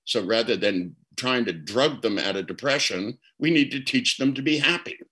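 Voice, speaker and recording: Older man with a bright, forceful voice. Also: medium pitch, expressive, moderate pace, low-quality recording. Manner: reflective, anecdotal, repeats words when starting. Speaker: guest therapist. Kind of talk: storytelling interview answer.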